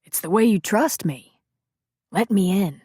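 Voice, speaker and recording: A woman reading the part of a tender, confident male lover in an audiobook, with soft, intimate delivery. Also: medium pitch, animated, measured pace, breathy edge, no echo, clean studio sound.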